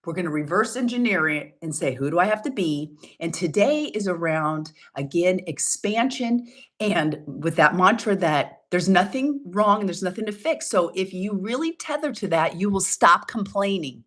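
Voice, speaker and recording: A woman coaches her listeners through a self-help challenge. Her voice is husky and her pitch swings a lot. She speaks upbeat and emphatic, slipping into the voices of the people she quotes. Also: very animated, moderate pace. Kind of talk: motivational coaching talk.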